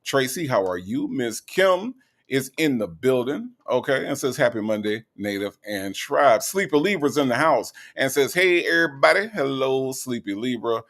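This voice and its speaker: Gravelly, animated livestream host. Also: male voice, mid-range voice, moderate pace. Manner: animated, playful, teasing. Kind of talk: casual livestream chat, greeting viewers.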